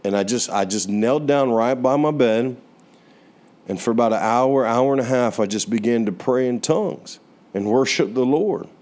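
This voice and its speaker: A young man preaching, telling a personal testimony in an earnest voice that slows down for emphasis. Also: medium pitch, a little mellow. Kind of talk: sermon testimony. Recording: guitar music playing underneath.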